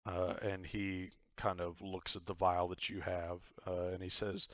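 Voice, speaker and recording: A man narrating a tabletop game as game master, lively and peppered with "uh" and "he kinda". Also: sits low, a little slow, hardly any pauses, dry recording, muffled recording. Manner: lively, with frequent "uh" and "he kinda" between actions.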